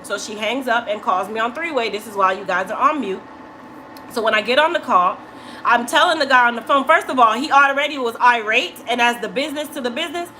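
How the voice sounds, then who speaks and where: A woman's voice: on the high side, pushed and bright, a little hiss or hum, rough recording. A woman who owns a hair care business, telling viewers a story in an assertive, emphatic manner and often checking in with "okay?".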